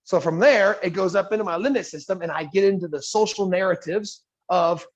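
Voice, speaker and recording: A man leading a live coaching workshop in a yoga studio, with a voice that sits a little high for a man. He keeps it conversational, often checks in with "right?", and slips into quick character voices to act out everyday scenes. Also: lo-fi sound. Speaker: leadership coach.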